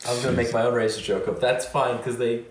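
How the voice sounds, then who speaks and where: A man's voice: medium pitch, level tone, fast, recorded from a distance, slight background noise. A man, telling funny stories and swearing as a podcast co-host. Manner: storytelling, swearing, joking. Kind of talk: casual chat. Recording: echoey room.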